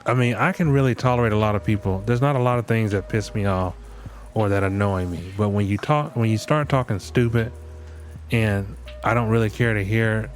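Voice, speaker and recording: A man hosting a solo comedic rant, blunt and profane, slipping into voices of the people he quotes. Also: on the low side. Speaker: podcast host.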